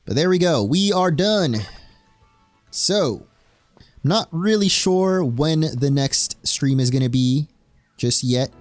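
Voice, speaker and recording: Young male game streamer from Spain, animated and jokey delivery, faint background music. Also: fairly high pitch, takes it slowly, dry recording. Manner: excitable, jokey, cheering at the screen. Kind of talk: casual let's play commentary.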